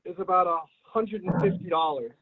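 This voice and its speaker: A man with a notably high voice hosts a casual online group meeting. He rambles a little and hands out blunt advice. The audio comes through thin and tinny, like a phone line. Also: brisk. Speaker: host of online community meeting. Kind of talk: casual group video call.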